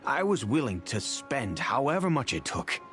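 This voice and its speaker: A man voicing a wealthy, kindly middle-aged father in game cutscene dialogue, telling the past in a measured, reflective way. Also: mid-range voice, big pitch swings, a bit bright. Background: game music.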